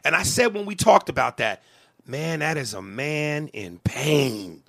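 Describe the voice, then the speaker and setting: A man's voice: fairly high pitch, expressive, a little slow, vocal fry, a bit bright, no echo. A man, a comedian hosting a podcast, venting in a heated, profane way during a conversation.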